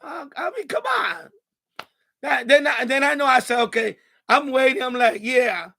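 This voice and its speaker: High, gravelly man ranting angrily. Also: expressive, moderate pace, pushed and bright. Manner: angry, profane, repetitive ranting. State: mad. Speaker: ham radio livestream host. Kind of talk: unscripted livestream rant.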